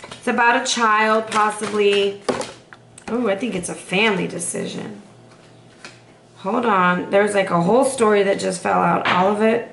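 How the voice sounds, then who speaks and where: A woman's voice: mid-range voice, steady tone, a little slow, vocal fry, fairly bright tone. A woman giving a chatty, sassy tarot reading straight to her viewers. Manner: chatty and sassy, lots of fillers. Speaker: tarot reader. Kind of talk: casual tarot reading to camera. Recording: echoey room with faint noise.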